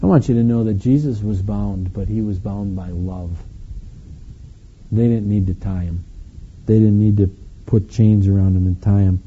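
A man's voice: fairly low pitch, steady tone, normal speed, slightly rough, phone-quality sound. A man from Wisconsin with a Wisconsin accent preaching a sermon, earnestly retelling the story and voicing the quoted lines. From Wisconsin, United States. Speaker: pastor.

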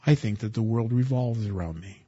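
Husky-voiced man preaching a sermon. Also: on the low side, moderate pace, muffled recording. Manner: earnest preaching that swings from hushed to loud and emphatic. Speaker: pastor. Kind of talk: sermon with scripture reading.

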